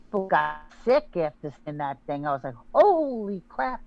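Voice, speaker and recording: A woman's voice: sits low, animated, brisk, dull audio. A middle-aged woman speaking as a podcast guest in casual chat, emphatic and exclamatory, often stammering and restarting. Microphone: phone.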